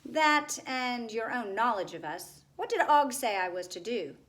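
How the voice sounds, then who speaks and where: A woman's voice: on the high side, animated, a little slow, fairly bright tone, pitched above the performer's own voice. A woman voicing a mournful male gargoyle who moans and wails. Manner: mournful, wailing.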